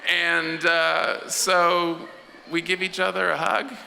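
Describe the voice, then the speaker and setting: Bright, sharp-voiced male storyteller. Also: sits high, slow, creaky. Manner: animated, acts out the other voices. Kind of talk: live storytelling. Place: storytelling event on stage. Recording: echoey hall with faint noise.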